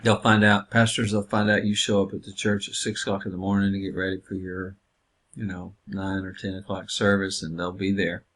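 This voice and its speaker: A man's voice: low voice, level tone, fairly quick, a bit bright. A man teaching a counseling class in a casual, conversational lecture style, with lots of filler words. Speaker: counseling instructor. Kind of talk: recorded lecture.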